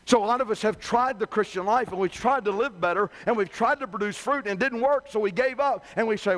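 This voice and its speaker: A male preacher with a fairly high voice delivering a revival sermon. He talks in a loose, humorous, conversational way and often repeats himself as he builds up his stories. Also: quick pace, hardly any pauses, a bit bright. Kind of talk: sermon with folksy storytelling.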